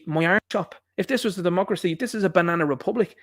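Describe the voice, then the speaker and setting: An Irish man rattling through an opinionated political rant at a quick clip. His voice sits a little high for a man and sounds close and dry, with no room around it. He keeps firing rhetorical questions at his viewers. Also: no echo. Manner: indignant ranting with rhetorical questions. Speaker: live stream host.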